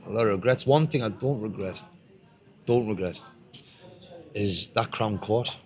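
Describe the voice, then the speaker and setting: A man's voice: lowish voice, unhurried. Blunt sweary Northeast English man. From Northeast England. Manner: blunt, heavy swearing, repeats himself. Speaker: guest. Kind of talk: casual storytelling chat.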